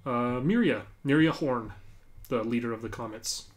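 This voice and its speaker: A man running a tabletop game as game master, pitched in the middle of the male range. He narrates loosely and conversationally, scattering fillers and restarts through his descriptions. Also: normal speed. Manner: casual, filler-heavy narration with many "like"s.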